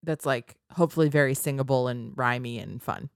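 A woman's voice: rumbling low, fairly quick, gravelly, dry recording, clean studio sound. A young woman from the United States, chatting casually and giggling, using "like" a lot. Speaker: podcast co-host, songwriter. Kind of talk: casual chat.

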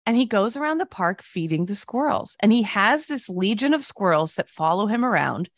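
A woman co-host tells stories in a loose, chatty way, slipping into voices for the people she quotes. Her pitch sits in the middle range and the sound is dry and close, with no room around it. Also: moderate pace, dry recording. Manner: animated storytelling with voiced quotes. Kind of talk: casual chat, reading news stories.

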